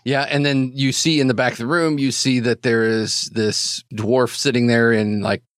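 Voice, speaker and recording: A man's voice: medium pitch, fairly even intonation, moderate pace, no room sound, clean studio sound. Casual man running a tabletop game. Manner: casual, conversational narration with voiced asides. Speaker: game master. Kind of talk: narrating a tabletop role-playing game.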